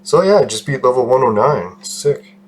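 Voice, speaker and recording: A man's voice: mid-range voice, lively intonation, normal speed. Gaming host, male, mid-range voice, loose rambling commentary with frequent laughs, faint background hiss. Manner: rambling, self-deprecating, laughs often and swears. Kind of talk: casual gameplay commentary.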